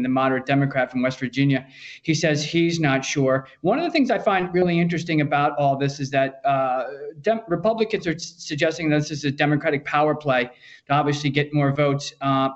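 Brief: male correspondent, brisk and explanatory, slightly high voice, dull lo-fi sound. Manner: brisk, explanatory, hedging with fillers. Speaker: news correspondent. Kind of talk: conversational political reporting.

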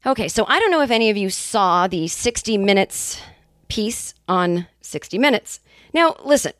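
Comedian woman in her fifties hosting her own podcast, animated and salty, on a dry close mic. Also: mid-range voice, moderate pace, no room sound. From New England, Boston area. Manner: animated, profane, jokey asides. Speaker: podcast host and stand-up comedian. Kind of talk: casual comedic monologue.

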